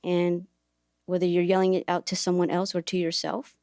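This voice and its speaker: A woman's voice: on the low side, monotone, normal speed, a little mellow, no room sound, clean studio sound. Earnest woman telling a story. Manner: hesitant with restarts, earnest, acts out scenes. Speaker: podcast host and author. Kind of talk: reflective storytelling monologue.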